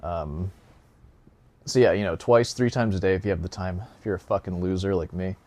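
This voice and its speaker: A man's voice: low voice, brisk, a little mellow, no echo. A young man hosting a casual solo podcast as a guitar teacher, rambling and joking with lots of fillers, a little out of breath. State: slightly out of breath.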